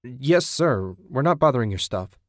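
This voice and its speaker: A man's voice: on the low side, expressive, moderate pace, no room sound, clean studio sound, natural voice. A man voicing a polite, apologetic husband who is nervous around strangers.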